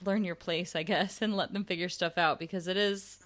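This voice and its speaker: A woman hosting a podcast in casual chat, supportive and quick to laugh. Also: on the low side, steady tone, fairly bright tone. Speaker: podcast host.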